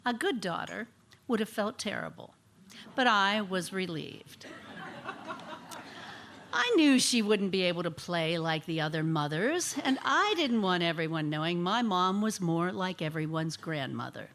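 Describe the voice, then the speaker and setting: A woman in her sixties reads a personal story aloud before a live audience. Her pitch rises and falls in a lively way, and she gives the quoted lines their own voices. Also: unhurried. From United States. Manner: expressive, acts out quoted voices. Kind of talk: reading a personal story on stage. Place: live venue on stage.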